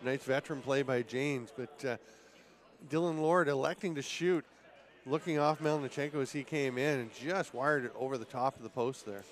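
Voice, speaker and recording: A man doing color commentary, calmly breaking down plays and players. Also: mid-range voice, normal speed. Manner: relaxed analytical color commentary. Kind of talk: sports commentary.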